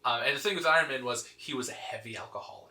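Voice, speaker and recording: A podcast host tells a friend a comic story in loose, casual chat, animated and very fast, with fillers and laughter throughout. His bright, forceful voice sits at an ordinary male pitch, and the room echo is noticeable.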